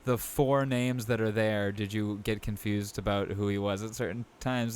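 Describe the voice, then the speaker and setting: Laid-back low-voiced man chatting on a podcast. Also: measured pace, hardly any pauses, a little hiss or hum. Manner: relaxed, thinking aloud with many fillers. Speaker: podcast co-host. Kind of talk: casual chat.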